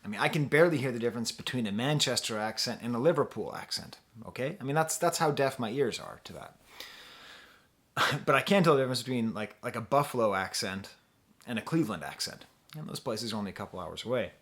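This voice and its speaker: A man's voice: medium pitch, lively intonation, quick pace, fairly bright tone. A middle-aged American man hosting a music review, talking casually in a chatty, rambling, self-deprecating way with frequent restarts. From United States.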